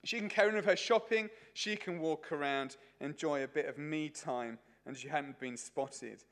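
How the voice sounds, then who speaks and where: A man's voice: a little high, moderate pace. A man preaching a sermon at a church service, telling a story in a chatty way with many fillers.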